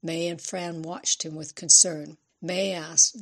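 A woman reads a novel aloud in a measured, descriptive audiobook style. Her voice is low and husky, with a gravelly fry at the ends of phrases. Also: steady tone. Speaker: narrator. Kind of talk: audiobook narration.

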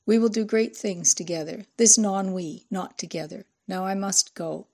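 A woman voicing a pained, resigned man who speaks quietly and firmly. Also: medium pitch, a little slow. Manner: quiet, firm, sighing.

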